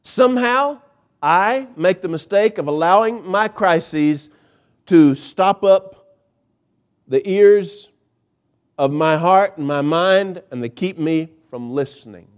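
A male pastor preaching a sermon, emphatic, with dramatic pauses and swings in pitch. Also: lively intonation.

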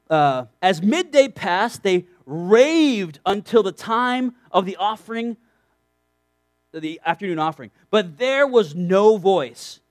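High-pitched and free of echo, this man's voice carries a youth-group sermon. He reads from scripture, then veers into emphatic asides, frequently starting lines over.

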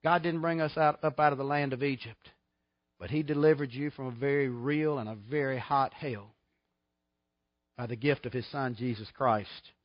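A man's voice: mid-range voice, moderate pace, dry recording, dull audio. A middle-aged man preaching a sermon in a folksy, emphatic way, full of rhetorical questions. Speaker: pastor.

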